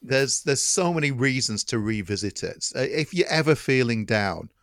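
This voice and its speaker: A man's voice: mid-range voice, lively intonation, moderate pace, a bit bright, no echo, clean studio sound. A man co-hosting a film podcast, chatting with enthusiasm and often restarting and repeating words as he builds a point. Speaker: podcast co-host. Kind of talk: casual film chat.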